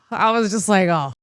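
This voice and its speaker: Lively, low-voiced woman podcast host. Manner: excitable storyteller, swears casually. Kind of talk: casual chat.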